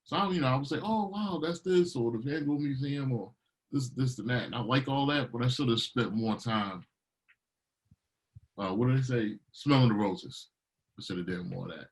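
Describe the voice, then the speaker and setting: A man's voice: lowish voice, rough recording. A middle-aged man from Baltimore, a DJ and producer talking casually in an interview, telling stories with a lot of energy and acting out what people said. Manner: animated storyteller, acts out quotes.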